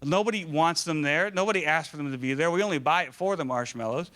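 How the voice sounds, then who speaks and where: A man in his thirties from Michigan, a guest speaker telling stories to a live audience in an animated, joking way. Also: fairly high pitch, fast. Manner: animated and joking, acting out dialogue. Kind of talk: storytelling talk to a live audience.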